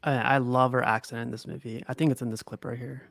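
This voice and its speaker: A man's voice: mid-range voice, level tone, fast talker, vocal fry, fairly bright tone, dry recording, clean studio sound. A man co-hosting a casual movie chat, chatty and giggly, telling stories. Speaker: co-host of a movie watch-along.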